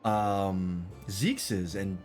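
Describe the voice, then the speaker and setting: A man's voice: sits low, very slow, faint music behind. A man streaming a game, chatting casually and joking between read lines. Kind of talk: casual let's-play chat.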